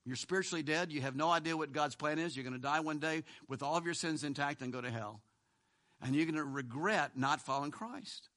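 Speaking a little fast, this male pastor delivers his sermon conversationally, alternating loud, emphatic moments with quiet ones and tossing in asides and chuckles. His voice sits on the high side.

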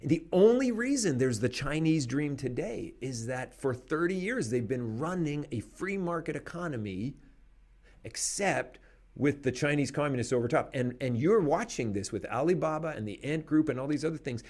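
A man in casual conversation, talking in an animated, opinionated way and laughing often. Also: on the high side, normal speed.

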